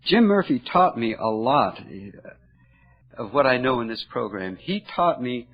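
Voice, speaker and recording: An older man speaking earnestly at a recovery meeting, telling a personal story in a halting, heartfelt way. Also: mid-range voice, big pitch swings. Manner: earnest, halting, emotional at moments. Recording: dull lo-fi recording.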